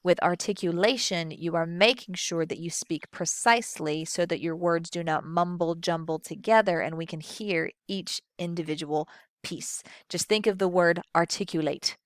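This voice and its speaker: A woman's voice: lowish voice, moderate pace, dry recording, clean studio sound. A woman with a Southern US accent teaching public speaking in a recorded lecture, moving her voice up and down to show each technique. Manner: expressive, demonstrates vocal techniques.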